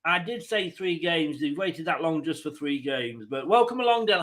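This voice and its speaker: On a rough recording, an English man with a fairly bright, animated voice on the high side talks at a moderate pace, barely pausing. As host of a football watchalong stream, he chats loosely, reads comments, jokes and calls out viewers by name.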